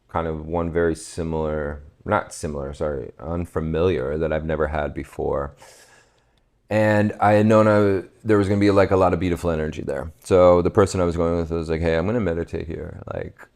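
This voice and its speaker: A man from West Virginia, a podcast guest, telling a relaxed, reflective story and laughing at himself. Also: low-pitched. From West Virginia, USA. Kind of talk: casual storytelling conversation.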